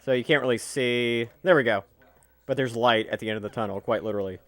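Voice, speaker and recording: Playing a video game, a man delivers casual, jokey let's play commentary, talking freely and bursting into loud, excited outbursts. His voice sits at medium pitch and moves fast.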